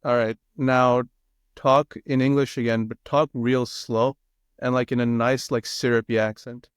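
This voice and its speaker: A relaxed man of middle pitch talks loosely on a podcast, peppering his speech with fillers. He is demoing his company's assistant. The recording is dry and close. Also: unhurried, smooth, no room sound. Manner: relaxed, filler-heavy, says "like" often. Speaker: co-founder demoing his product. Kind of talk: casual podcast chat.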